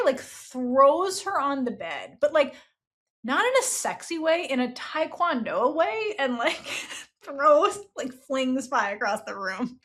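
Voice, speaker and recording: Animated, laughing woman podcast host. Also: high-pitched. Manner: animated, laughing, swears freely, many fillers. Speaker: podcast host reviewing a novel. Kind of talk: casual chat.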